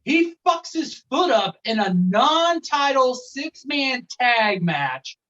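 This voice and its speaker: A man's voice: very high-pitched, big pitch swings, slow pace, pushed and bright. A man on a casual wrestling podcast, ranting with lots of swearing. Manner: profane, rambling rant. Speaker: podcast co-host. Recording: dull sound, a bit off-mic.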